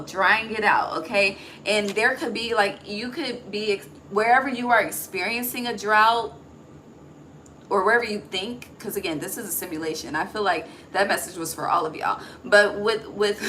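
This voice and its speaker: A woman's voice: mid-range voice, sharp tone, a little hiss or hum, rough recording. A woman giving a casual, intuitive tarot reading, chatty and profane, often checking in with "okay?", recorded on her phone. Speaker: tarot reader.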